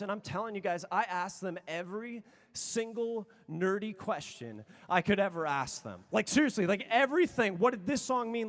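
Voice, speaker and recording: A man in his thirties, a youth conference speaker telling a story with excitable energy and sudden shouts. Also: high-pitched. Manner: excitable, animated, bursts into shouts. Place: large conference hall. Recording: long reverb of a big hall.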